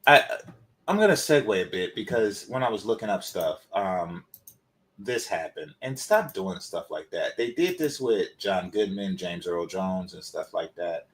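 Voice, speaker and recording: A man's voice: sits low, expressive, unhurried. Rambling man chatting casually, slightly congested. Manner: rambling, conversational, many fillers. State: developing a cold. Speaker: channel host. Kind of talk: casual commentary.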